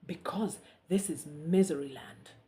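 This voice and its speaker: Woman playing a self-pitying storybook king, wailing, sobbing, loud, slow, drawn-out words. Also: a little high, pitched below the performer's own voice, natural voice. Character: weeping, self-pitying king of a gloomy land.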